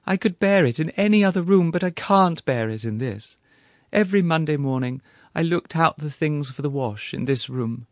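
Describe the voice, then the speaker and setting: A man's voice: a little high, animated, no room sound, pitched above the performer's own voice. A man doing a wailing, grieving old widow. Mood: lamenting. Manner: wailing, imploring, drawn-out sighs. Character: grieving, clinging older widow, wailing and sentimental. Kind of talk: audiobook character voice.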